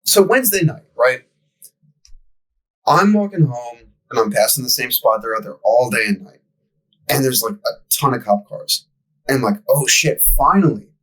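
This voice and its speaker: A man's voice: medium pitch, moderate pace, long pauses, fairly bright tone, slightly rough, rough recording. A young man telling a profane, ranting story as a podcast co-host in casual chat. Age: young adult.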